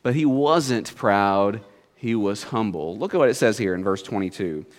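A man's voice: fairly low pitch, expressive, moderate pace. A man preaching a sermon to his congregation in a folksy storytelling manner, with jokes and asides. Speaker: pastor.

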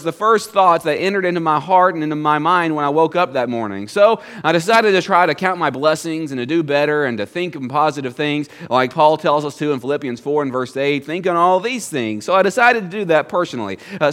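A man's voice: on the high side, fairly bright tone, clear, resonant tone. A middle-aged man, a pastor, preaching a sermon in an earnest storytelling manner that rises to emphatic exhortation.

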